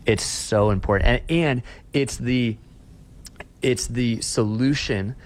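A man's voice: mid-range voice, slow. A man being interviewed as a Christian author, speaking earnestly and emphatically about faith. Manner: earnest, emphatic, paraphrasing scripture. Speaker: author and guest.

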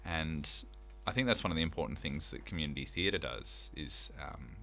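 A man's voice: extremely low pitch, animated, moderate pace, sharp tone, slight background noise. A man talking about his theatre production in a casual interview, earnest and enthusiastic, with many fillers. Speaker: theatre director, guest.

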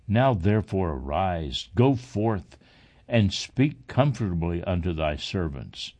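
A man's voice: low-pitched, a little mellow. A man reading the part of a stern army captain rebuking his king. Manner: stern and reproachful.

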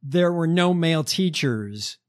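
A man co-hosting a podcast, telling stories in a relaxed, sarcastic way with lots of fillers. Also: a little high, unhurried. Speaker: podcast co-host. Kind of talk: casual chat.

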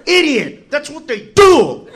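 A man doing stand-up comedy, brash and profane, shouting his punchlines. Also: extremely high pitch, expressive, normal speed.

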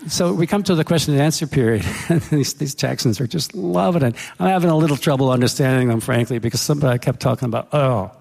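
A middle-aged man with a gravelly voice tells a long, rambling anecdote. He keeps restarting his phrases and takes the story on side paths for comic effect. His voice carries a long hall reverb. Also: medium pitch, fast talker, hardly any pauses, a little mellow. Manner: rambling, self-correcting, humorous anecdotes. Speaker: author guest. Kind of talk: storytelling interview talk.

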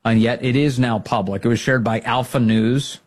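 A man hosting a political talk program, giving emphatic, rallying commentary that swings up in pitch when he gets fired up. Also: steady tone, normal speed. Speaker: political talk show host. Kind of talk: opinionated commentary.

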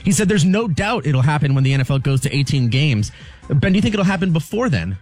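Male radio co-host, quick headline reads, slightly high voice. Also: big pitch swings, darkish tone, soft background music. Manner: brisk, newsy delivery. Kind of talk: reading sports headlines.

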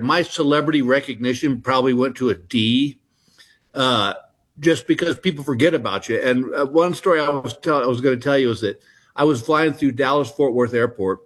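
A man in his sixties spins relaxed, self-mocking stories as a comedy guest. His voice sits at an ordinary middle pitch, easygoing and anecdotal. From Texas. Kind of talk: storytelling interview chat. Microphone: phone call-in.

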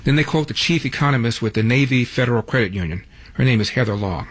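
A man's voice: medium pitch, expressive, fast talker, husky. A man hosting a talk radio show, delivering news headlines with wry, sardonic asides. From Los Angeles.

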